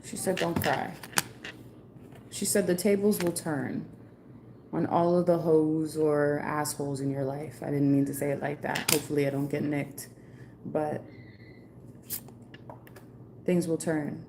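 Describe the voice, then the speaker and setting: A woman's voice: sits low, fairly even intonation, measured pace, long pauses, noisy background. A woman giving a chatty, rambling live-stream card reading, passing on messages from spirits. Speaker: psychic card reader.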